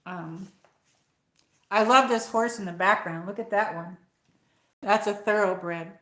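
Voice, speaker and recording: A woman's voice: mid-range voice, unhurried, pushed and bright, reverberant. Chatty woman streamer, upstate New York accent. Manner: rambling, chatty, reads out viewer comments. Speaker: livestream host. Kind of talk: casual live chat.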